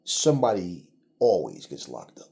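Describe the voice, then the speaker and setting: Middle-aged male host, low-pitched, angry blunt rant with heavy cursing. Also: huge pitch swings, moderate pace, vocal fry, mellow. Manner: blunt, heated, swears freely. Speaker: channel host. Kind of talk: angry solo commentary.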